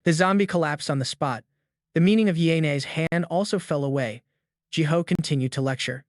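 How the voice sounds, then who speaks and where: A man narrating a scripted comic recap in a steady storytelling voice. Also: on the high side, normal speed, no echo, clean studio sound.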